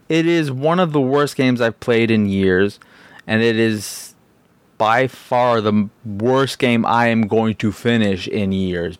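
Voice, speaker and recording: A man's voice: medium pitch, no echo. A man hosting a podcast, rambling in a casual, exasperated, self-mocking way. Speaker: podcast host. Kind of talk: casual solo podcast talk.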